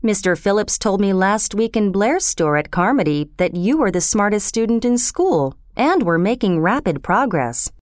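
A woman voicing a shy, gentle older farmer man in a storybook reading, hesitant and kindly. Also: medium pitch, big pitch swings, moderate pace, few pauses, no echo, clean studio sound, lightly acted. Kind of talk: storybook character voice.

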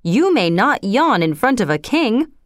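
A woman's voice: a little high, very animated, measured pace, no room sound, clean studio sound. A woman voicing a proud old king on a tiny planet, speaking in a stern, commanding way.

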